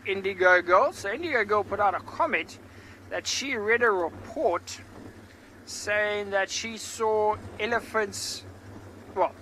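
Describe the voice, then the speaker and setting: A man's voice: high-pitched, sharp tone, slight background noise, rough recording. A man working as a safari guide, giving chatty live game drive commentary outdoors from a vehicle and answering viewer comments.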